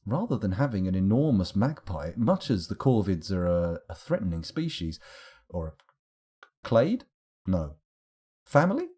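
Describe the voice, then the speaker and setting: Guy rambling wry over a game stream, lively up and down, kinda husky. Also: mid-range voice. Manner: rambling, wry, self-correcting musings. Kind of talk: live game commentary.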